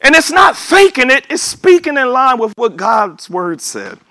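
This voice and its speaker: A man preaching a sermon, emphatic, calling for amens and sometimes shouting. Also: very high voice, big pitch swings, unhurried, dry recording. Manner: emphatic, calls for amen, bursts of shouting.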